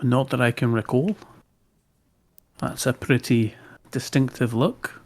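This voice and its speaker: A man voicing a gruff male dwarf blacksmith who talks in a hesitant, folksy way in a tabletop role-play. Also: medium pitch, slow. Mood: helpful.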